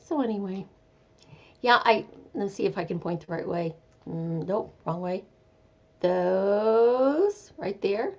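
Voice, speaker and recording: A woman's voice: medium pitch, animated, slow pace, darkish tone, dull audio. A woman hosting a casual live chat from home, chatty and meandering, with an easygoing manner. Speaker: live stream host.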